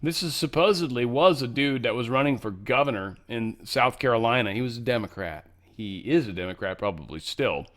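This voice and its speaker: A man's voice: medium pitch, expressive, brisk, few pauses, a bit bright, slight background noise. A man hosting a casual news commentary show, talking in a rambling, offhand way with lots of fillers and restarts. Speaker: show host.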